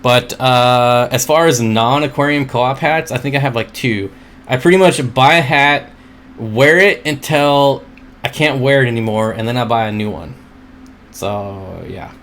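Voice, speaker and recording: A man's voice: medium pitch, measured pace, fairly bright tone. Rambling, chatty man hosting a livestream. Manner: rambling and chatty, often laughs at his own jokes; reads viewer comments aloud and answers them. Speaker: livestream host. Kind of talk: casual livestream chat.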